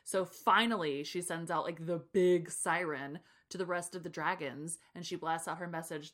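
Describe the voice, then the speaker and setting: A woman's voice: fairly low pitch, fairly even intonation, normal speed, few pauses, a bit bright. A woman co-hosting a podcast, casually recapping a book chapter with lots of laughter and acted-out character voices. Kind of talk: casual chat.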